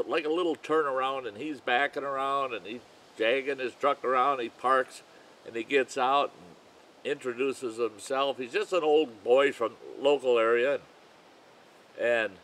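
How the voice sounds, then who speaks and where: An older man spins a campfire yarn in a folksy, meandering way. His voice sits at an ordinary middle pitch, with a faint rumble of noise behind him. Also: fairly bright tone, low-quality recording. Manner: folksy, unhurried, rambling yarn-spinner. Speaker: storyteller. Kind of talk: campfire storytelling.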